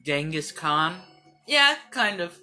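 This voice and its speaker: Sarcastic low-pitched woman podcaster. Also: very animated, slow pace, pushed and bright, faint music behind. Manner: dry, sarcastic, hesitant with fillers. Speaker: podcast host. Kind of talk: casual chat.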